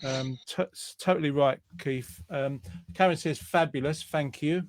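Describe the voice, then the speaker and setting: Male host, chatty, reads comments on a video call; fairly high voice, dry close sound. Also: unhurried, dry recording. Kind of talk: casual online show chat.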